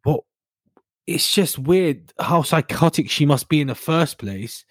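A man's voice: on the high side, expressive, measured pace, no echo. A man co-hosting a podcast in casual, jokey chat, often acting out what other people say. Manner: jokey, acts out quoted lines. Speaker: podcast co-host.

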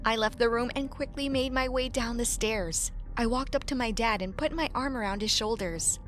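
A woman narrating a first-person story in a lively, animated way. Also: on the high side, normal speed, faint music behind.

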